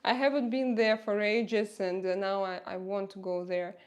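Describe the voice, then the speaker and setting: This woman's voice is medium-pitched with little pitch movement, at a normal speed. She's the host of a casual livestream and has a Russian accent, chatting, reading out viewer comments, replying to them and laughing often.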